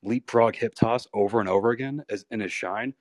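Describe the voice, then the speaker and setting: A lower-pitched man in his thirties tells wrestling stories in a loose, rambling way. He swears freely and acts out the other people in his anecdotes. The recording is dry and close, with no room sound. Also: fairly quick, dry recording. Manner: rambling, profane, animated retellings. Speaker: pro wrestler guest. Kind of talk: candid storytelling interview.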